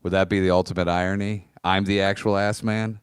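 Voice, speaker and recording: A man co-hosting a casual podcast, crude and joking, who talks loud and acts out voices. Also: sits low, little pitch movement, brisk, smooth, no echo, clean studio sound. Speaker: podcast co-host. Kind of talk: casual chat.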